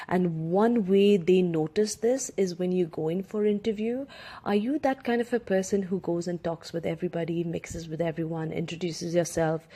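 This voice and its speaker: Career coach, woman from India, low-pitched and warm, chatty with fillers. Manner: chatty, many fillers and restarts. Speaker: career coach, former cabin crew. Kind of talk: instructional talk to camera.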